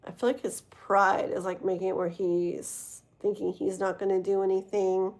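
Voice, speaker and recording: A woman's voice: medium pitch, flat delivery, normal speed, darkish tone. A woman doing a live tarot reading. She talks casually, rambles, fills her speech with "like" and "um," and speaks straight to her viewers. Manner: rambling, filler-heavy, casual; chatty, addresses viewers directly. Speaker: tarot reader.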